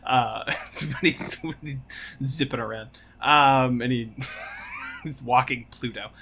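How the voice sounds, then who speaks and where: A man chatting casually on a podcast, joking and now and then jumping into goofy high voices. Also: slow, vocal fry, bright, forceful tone, husky. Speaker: podcast co-host. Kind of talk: casual chat.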